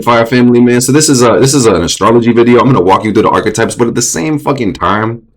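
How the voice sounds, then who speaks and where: A young adult man hosting a casual astrology stream, profane and animated, often jumping into mocking voices. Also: medium pitch, fast talker, slight background noise. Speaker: astrology show host. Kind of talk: casual astrology livestream talk.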